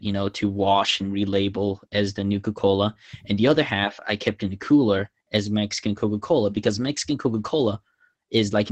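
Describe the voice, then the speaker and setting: A young man with a lowish voice telling a story on a podcast. He talks in an excitable, halting way, stopping and restarting his sentences as he goes. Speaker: podcast guest. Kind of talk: casual storytelling.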